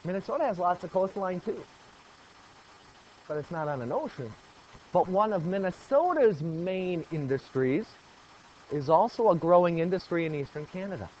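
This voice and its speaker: A man's voice: sits high, big pitch swings, moderate pace, darkish tone, a little hiss or hum. A man teaching a geography lesson to a class, asking questions, praising answers and repeating key points. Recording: dull lo-fi classroom recording.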